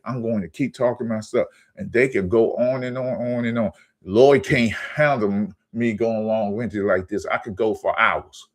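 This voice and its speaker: A man hosting his own sports channel, ranting in a heated, profane way and stammering when he gets angry. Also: mid-range voice.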